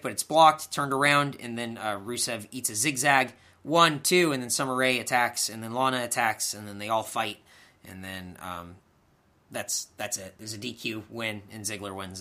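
In a bright, forceful, medium-pitched voice at a moderate pace, a male podcast co-host chats casually while recapping wrestling. His remarks are sarcastic and exasperated, and he swears plenty.

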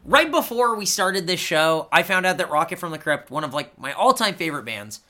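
A man hosting a podcast, ranting in a loud, excitable way, swearing a lot and laughing often. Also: fairly high pitch, brisk. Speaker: podcast host. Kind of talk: casual podcast chat.

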